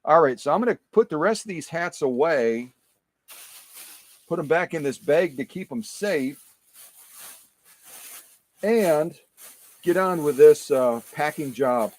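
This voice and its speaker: A man's voice: fairly high pitch, animated, slow, pauses often, darkish tone. A middle-aged man casually chatting on a livestream while packing a machine in his workshop, repeating himself and poking fun at his own slips. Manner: chatty, repeats phrases, self-deprecating. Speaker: livestream host restoring sewing machines. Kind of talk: casual live-stream chat while working.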